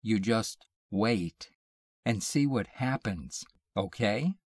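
A man reading aloud and voicing a playful, mischievous young wife, lifting his deep voice for her coaxing lines. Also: expressive, slow pace, no echo, clean studio sound.

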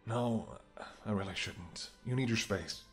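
A male voice actor plays a protective bodyguard who is anxious and tender toward his lover, whispering softly and gently scolding in a role-play. His pitch is fairly low and his pace measured, with soft music in the background.

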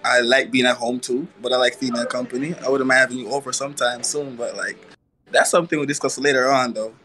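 A man's voice: medium pitch, steady tone, fast, pushed and bright. Man in a put-on Jamaican accent. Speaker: blind date contestant. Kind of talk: casual chat on a call. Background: music under the talk.

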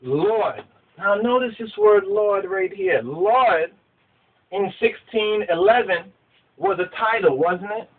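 A man's voice: high-pitched, slow, breathy edge. A man giving a spiritual teaching, emphatic and repetitive, asking his listeners rhetorical questions. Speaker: religious teacher. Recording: phone-like narrow sound.

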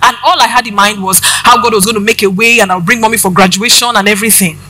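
A woman's voice: mid-range voice, fairly even intonation, quick pace, sharp tone, faint music behind, low-quality recording. A woman preaching, giving a personal testimony and addressing the congregation directly with questions.

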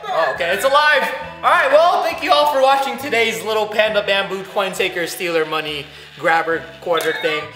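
A man hosting a playful toy unboxing vlog, teasing and pleading with a toy in an animated way. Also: sits high, fairly quick, few pauses. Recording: echoey room with background music.

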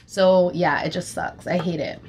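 A woman's voice: fairly low pitch, normal speed, a little mellow, slight background noise. A young woman in a casual beauty vlog, chatting bluntly about makeup she is throwing out and filling her talk with "like". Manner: blunt, chatty, rambling with many "like"s. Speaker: beauty vlogger. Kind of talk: casual product review chat.

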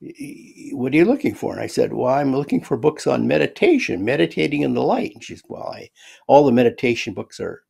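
An older man casually recounting a personal story, animated, acting out the voices of the people in it. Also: mid-range voice, fairly quick, gravelly, breathy edge. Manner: animated retelling, acts out quoted voices. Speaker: guest storyteller.

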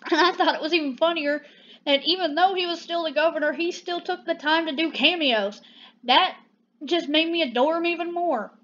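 A woman's voice: very high voice, normal speed, fairly bright tone, lo-fi sound. A young woman, chatting casually and gushing playfully as a movie reviewer on her own channel.

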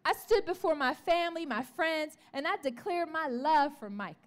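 Very high-voiced woman preaching a testimony. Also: moderate pace. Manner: animated storytelling, acts out the voices in her story; calls out to the congregation. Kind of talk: sermon testimony. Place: church.

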